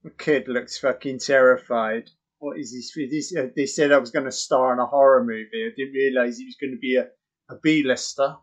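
A man giving crude, excitable, mocking live commentary on a horror film. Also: mid-range voice, normal speed. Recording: dull lo-fi audio.

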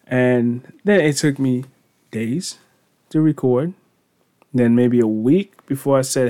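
A man's voice: medium pitch, lively intonation, measured pace, mellow. A man in his thirties hosting his own podcast alone on a studio mic, rambling and self-mocking, swearing freely. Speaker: podcast host. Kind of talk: casual solo podcast monologue.

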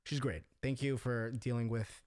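Young male podcast host, loose and profane, mid-pitched, recorded dry and close. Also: steady tone, moderate pace, a little mellow, no room sound. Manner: joking, profane, rambling. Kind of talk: casual crude banter.

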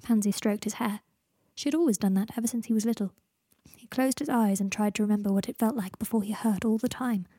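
Husky woman reading a story aloud. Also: mid-range voice, fast, warm tone, no room sound, clean studio sound. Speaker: reader. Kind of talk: reading fan fiction aloud.

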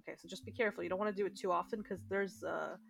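A woman co-hosting a casual gaming podcast, bantering, giggling and telling stories in quick asides. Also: mid-range voice, fairly even intonation, creaky. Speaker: podcast co-host.

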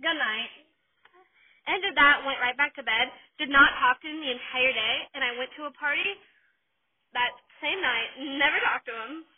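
A woman's voice: sits high, normal speed. A young woman co-hosting a casual chat podcast, blunt, swearing freely and telling stories animatedly. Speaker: podcast co-host. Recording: tinny phone-like sound.

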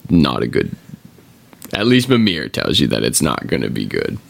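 Gravelly low-voiced man retelling a game. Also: huge pitch swings. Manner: laughing often, swearing, acting out lines in quick voices. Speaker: podcast host. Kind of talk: casual chat, retelling a game story.

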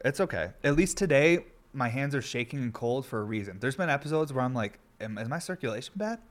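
Young man, casual monologue, unfiltered, profane, self-deprecating, cold, shivering, home session. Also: on the low side. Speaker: streamer and podcast host. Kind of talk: rambling casual talk. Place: home smoking session, Colorado.

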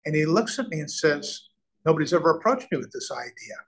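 A man's voice: a little high, fairly quick, low-quality recording. A middle-aged man from Nebraska telling business stories in an interview, acting out the people he quotes, with frequent restarts. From Nebraska, USA. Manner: animated storyteller, acts out quoted voices, frequent restarts. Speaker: real estate developer, guest. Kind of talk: conversational storytelling interview.

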